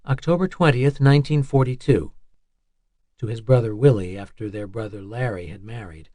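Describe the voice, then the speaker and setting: A man reading a nonfiction audiobook in a measured, even narration style. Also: medium pitch, no room sound.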